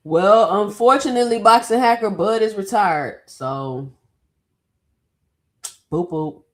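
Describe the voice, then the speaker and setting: A woman hosting a casual boxing commentary vlog, chatty and slangy, her throat a little sore from yelling. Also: medium pitch, slow.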